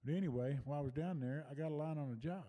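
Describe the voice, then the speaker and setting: An older man shares a personal memory in a folksy, rambling style full of fillers. His voice is a little high and mellow, and he talks rapid-fire.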